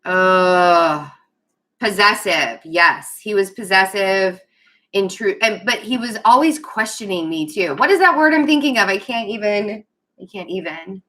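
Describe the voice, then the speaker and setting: A woman with a bright, forward voice gives a casual tarot reading to her viewers. She rambles, trails off mid-thought and laughs nervously, then apologizes again and again. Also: mid-range voice, lively intonation, measured pace. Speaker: tarot reader.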